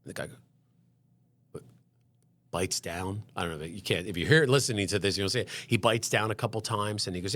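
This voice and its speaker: A man speaks as a guest in a studio podcast, with a fairly low voice. He tells stories with lots of energy and acts out the people he quotes, moving his voice up and down as he goes. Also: a little fast, pauses often, a bit bright. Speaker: director of dental education. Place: company TV studio.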